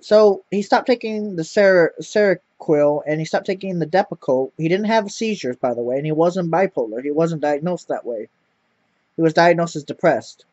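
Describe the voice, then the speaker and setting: A man's voice: a little high, normal speed, darkish tone, no room sound. A man telling a rambling personal story to camera, repeating words and swearing often. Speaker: vlogger. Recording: dull lo-fi dry sound.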